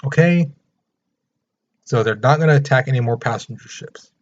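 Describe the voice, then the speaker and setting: A man teaching a history lesson in a casual, chatty way, acting out quotes with a lively voice. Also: mid-range voice, moderate pace, dull audio. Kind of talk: informal recorded history lecture.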